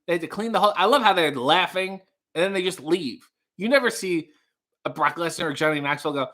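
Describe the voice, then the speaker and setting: A man hosting a casual comedy livestream, reading viewer comments aloud with excitable, rambling asides. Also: sits high, fast.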